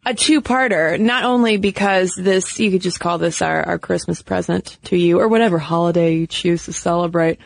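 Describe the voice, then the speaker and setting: A woman's voice: fairly low pitch, normal speed, creaky, few pauses, dry recording. A woman co-hosting a podcast in a chatty, playful way, talking casually and laughing easily. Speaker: podcast co-host. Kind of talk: casual chat.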